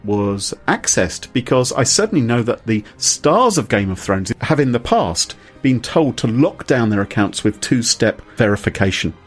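A man co-hosting a podcast in casual chat, animated and chuckling as he reads quotes aloud. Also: medium pitch, normal speed, few pauses.

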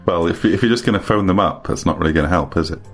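A man's voice: deep voice, very fast, faint music behind. A man co-hosting a podcast in casual chat, hesitant and repeating words as he starts a question.

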